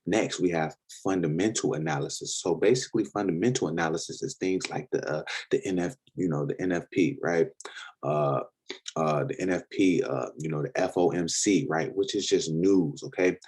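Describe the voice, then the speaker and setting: A man gives a casual trading lesson. His voice sits very low with a husky edge. He loops back over points and keeps checking in with his listeners. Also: moderate pace, a little mellow. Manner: casual, repetitive, addresses viewers as guys. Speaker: trading educator and podcast host. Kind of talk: casual screen-share lesson.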